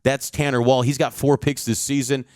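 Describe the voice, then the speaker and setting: A man with a smooth, resonant voice breaks down a college football matchup like a seasoned sports reporter. He talks with confidence, piling up stats to make his case. The sound is close and dry. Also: medium pitch, little pitch movement, normal speed, dry recording. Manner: confident, analytical, stat-heavy delivery. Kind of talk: game preview commentary.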